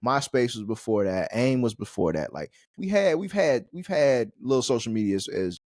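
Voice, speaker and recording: Lively slangy man co-hosting a podcast. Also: mid-range voice, normal speed, no echo, clean studio sound. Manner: animated, slangy, laughing storyteller. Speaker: podcast co-host. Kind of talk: casual chat.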